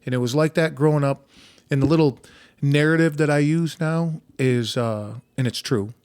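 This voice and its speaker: A man's voice: on the high side, moderate pace, a little mellow, clean tone, no room sound, clean studio sound. A man hosting a podcast, chatting casually, telling stories with plenty of restarts and casual swearing. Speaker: podcast host. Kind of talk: casual conversational interview.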